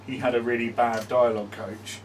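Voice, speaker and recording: A man telling stories in a wry, animated way during casual chat. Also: medium pitch, a little fast. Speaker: guest gamer. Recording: distant mic, faint room noise.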